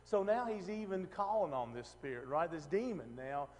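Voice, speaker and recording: High-voiced man teaching scripture casually. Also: lively intonation, normal speed, big-room sound. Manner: conversational, asks the room questions, many restarts. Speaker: preacher.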